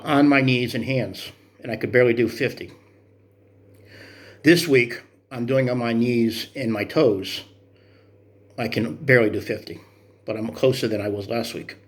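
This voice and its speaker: A man in his fifties talking through his workout progress in a vlog, earnest and encouraging in a rambling way. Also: medium pitch. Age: 50s. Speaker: vlogger. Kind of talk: motivational fitness vlog.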